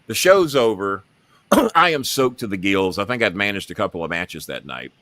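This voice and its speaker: A man's voice: on the low side, animated, normal speed, fairly bright tone, no room sound. A middle-aged man hosting a talk show, telling a long story and acting out the quotes in it.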